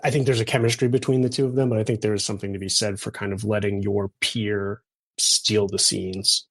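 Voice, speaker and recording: A man chatting on a movie podcast, telling stories in an animated way and laughing often. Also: lowish voice, brisk. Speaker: podcast co-host. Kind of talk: casual movie podcast chat.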